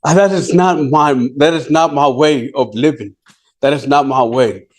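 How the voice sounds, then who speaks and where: A man speaking as a defendant in a courtroom, pleading his case in halting, rambling sentences full of restarts. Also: on the high side.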